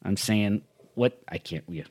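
Man, lowish voice, measured analytical sports talk. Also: big pitch swings, a bit bright.

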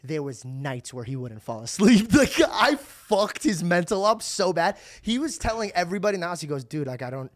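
Thirties male podcast host, higher-pitched, animated storyteller who does voices and swears a lot. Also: moderate pace, hardly any pauses. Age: 30s. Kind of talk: casual chat.

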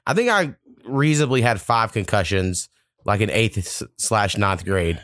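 A man's voice: lowish voice, lively intonation, moderate pace, a bit bright, no echo, clean studio sound. A young man, hosting a casual podcast and telling long, profane, rambling stories. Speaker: podcast host.

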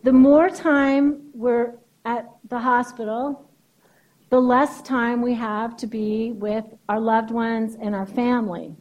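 A woman's voice: on the high side, fairly even intonation, takes it slowly, darkish tone, muffled recording. A woman therapist giving a keynote speech in a conversational lecturing way, often checking in with "right?".

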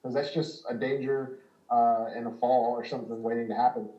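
A man's voice: mid-range voice, fairly quick, echoey room, lo-fi sound. A man hosting a casual home repair talk, explaining with many ums and small laughs. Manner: relaxed, filler-heavy explaining. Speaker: home repair business host. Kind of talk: casual chat.

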